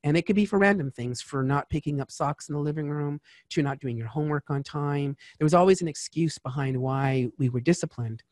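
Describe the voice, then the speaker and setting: A man talking as a tax strategist guest in a casual interview, lively and chatty with lots of asides. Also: on the high side, a little fast, few pauses, no echo, studio quality.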